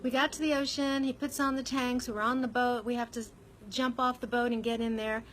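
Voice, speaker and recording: A woman with a fairly high voice tells a personal story straight to her viewers. Her delivery is candid and conversational, with an animated lilt as she recounts events. A faint hiss sits under the recording. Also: brisk, rough recording. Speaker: vlogger.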